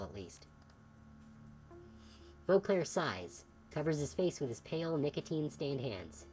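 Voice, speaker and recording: A woman's voice: lowish voice, very animated, normal speed, a little mellow, soft background music, rough recording. A woman streaming a video game, casually musing over choices and narrating scenes aloud. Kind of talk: let's play commentary and narration.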